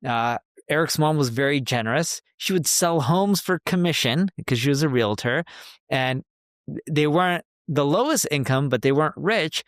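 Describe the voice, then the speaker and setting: A man's voice: on the high side, animated, normal speed, no room sound, clean studio sound. A man in his forties co-hosting a podcast, telling a personal story in casual, conversational chat and quoting the people he talks about. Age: 40s. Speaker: podcast co-host.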